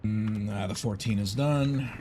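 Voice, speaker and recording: Low-voiced American man rambling. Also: unhurried, dark tone, faint music behind. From United States. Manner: rambling, musing aloud with filler words and frequent swearing. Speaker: game streamer. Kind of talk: casual live-stream chat while playing.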